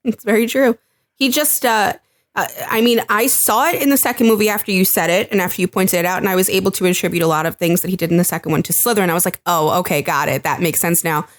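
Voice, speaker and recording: A woman co-hosting a casual podcast, animated and acting out what people say. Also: medium pitch, fast. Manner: animated, acts out quoted lines. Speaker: podcast co-host. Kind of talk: casual chat.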